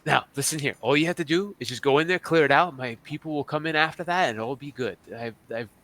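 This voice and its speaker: A man with a fairly high, fast, slightly bright voice plays a finely dressed male goblin lord with a pirate look. The character is sly and scheming, wheedling, repeating his words and tossing out brusque insults.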